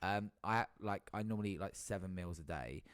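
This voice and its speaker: A man's voice: low voice, fairly quick, fairly bright tone, clean tone, no echo. A young man co-hosting a podcast, arguing back defensively with lots of swearing. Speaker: podcast co-host. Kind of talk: casual chat.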